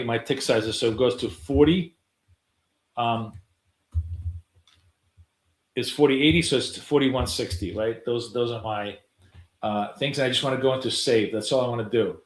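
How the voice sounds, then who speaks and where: A middle-aged man at his desk, talking through his trades on a live stream. His voice sits at an ordinary pitch, and it rings in a roomy, echoey space. He rambles loosely, drops in casual swears, and trails off into fillers.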